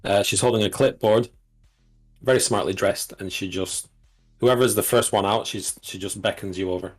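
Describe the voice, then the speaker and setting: A man narrating as game master, relaxed and describing scenes with frequent restarts. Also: fairly low pitch, normal speed, slightly rough, faint music behind.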